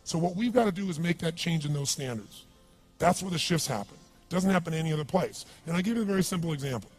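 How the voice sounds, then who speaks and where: A man's voice: on the high side, expressive, quick pace, breathy edge, faint music behind. A man giving a motivational seminar talk, telling a story with energy and asking the crowd questions. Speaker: motivational speaker.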